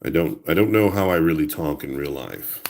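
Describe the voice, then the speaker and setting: A man's voice: a bass voice, moderate pace, darkish tone, a little hiss or hum. A man hosting a crafting video, chatting playfully and talking to himself while he works, humming little tunes now and then. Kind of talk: casual talk while crafting.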